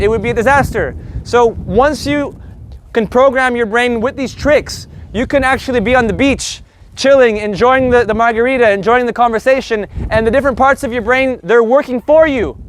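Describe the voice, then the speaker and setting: A man teaching a live online Spanish lesson, joking and animated, slowly repeating words for his learners. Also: extremely high pitch.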